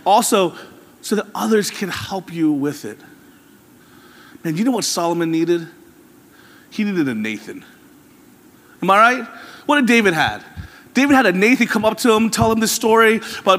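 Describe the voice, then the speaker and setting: Pastor, male, high-pitched, casual but building sermon, long reverb. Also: a bit bright. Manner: conversational, candid preaching with rising emphasis.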